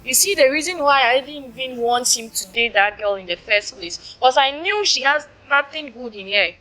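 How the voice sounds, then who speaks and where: A woman's voice: sits high, lively intonation, moderate pace, pushed and bright, soft background music, rough recording. A Ghanaian woman playing a young woman who coaxes and soothes a heartbroken male friend. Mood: coaxing. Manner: coaxing, soothing.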